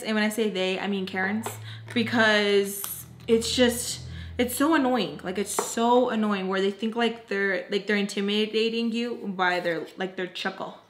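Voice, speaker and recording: A young woman makeup artist with a medium-pitched voice tells a story time casually and with exasperation, chatty and packed with fillers, especially "like." The room is echoey, with slight background noise.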